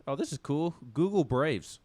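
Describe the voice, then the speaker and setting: A man's voice: a little high, expressive, normal speed, darkish tone, dry recording. A man co-hosting a casual sports talk show, rambling with many restarts and laughing at himself. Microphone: studio microphone.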